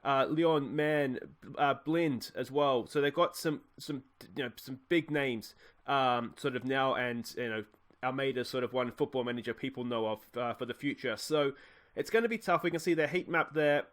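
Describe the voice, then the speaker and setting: A man casually commentating his football management game, cheering goals loudly and thinking aloud about tactics. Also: medium pitch, moderate pace. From Australia. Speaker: gaming YouTuber playing a football management game.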